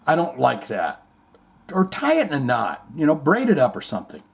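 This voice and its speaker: A man's voice: mid-range voice, huge pitch swings, normal speed, vocal fry, breathy edge. A man hosting a casual show, reading music news aloud and riffing on it with irreverent, rambling asides and swearing. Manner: irreverent, rambling, swears, mock-reads quotes. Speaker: host.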